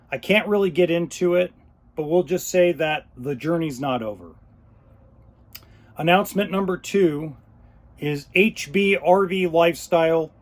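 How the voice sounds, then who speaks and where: A man hosting his own podcast, talking unscripted, choked up and pausing often. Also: on the high side. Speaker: podcast host. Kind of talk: unscripted solo podcast talk.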